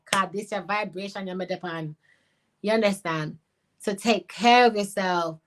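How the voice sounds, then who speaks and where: A middle-aged woman from Jamaica with a Jamaican accent, hosting a casual livestream, talking in an animated, blunt way and mixing in patois. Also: medium pitch, rough recording. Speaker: livestream host reading viewer chat.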